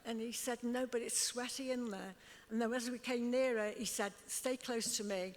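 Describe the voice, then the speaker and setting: A woman's voice: a little high, fairly even intonation, normal speed. Chatty older Liverpool woman, reverberant hall. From Liverpool, England. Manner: chatty, laughs often, acts out quotes. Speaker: interview guest. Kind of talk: storytelling on stage. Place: club stage before an audience.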